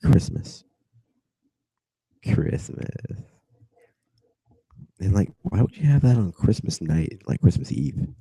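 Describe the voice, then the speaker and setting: A man's voice: fairly low pitch, lively intonation, slow, gravelly, long pauses, mellow, husky, dry recording, poor audio. A young man with a cold casually reads a book aloud over video chat, drifting into giggly tangents and mumbled asides. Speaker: reader.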